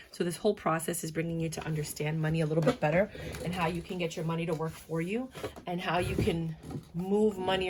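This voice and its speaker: A woman's voice: fairly low pitch, darkish tone, a little hiss or hum. A woman giving a casual, chatty tarot reading, talking straight to her viewers with emphatic, cheerleader-like speech. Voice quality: speech she calls cheerleader-like. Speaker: tarot reader.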